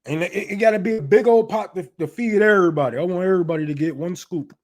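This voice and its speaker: A man's voice: high-pitched, fast talker, darkish tone. Loose, profane man chatting on a livestream. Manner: loose, profane, laughing often. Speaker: livestream host. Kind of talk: casual livestream chat.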